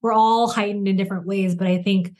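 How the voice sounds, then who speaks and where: A woman in her forties talks in a relaxed, chatty way. She tells stories with energy and slips into quoted voices. Her voice sits at a middle pitch. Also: a little fast. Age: 40s. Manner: animated storyteller, acts out quoted voices. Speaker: podcast co-host. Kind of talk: casual chat.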